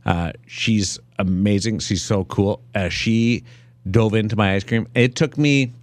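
A man's voice: fairly low pitch, measured pace, dry recording. A man hosting a podcast, chatting casually in a jokey, rambling way with lots of fillers. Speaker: podcast host and interviewer. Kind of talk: casual chat.

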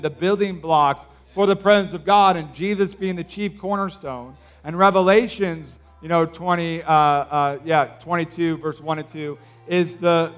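A man's voice: fairly high pitch, fairly bright tone. A man preaching a sermon, telling a story in a casual, rambling way with lots of fillers.

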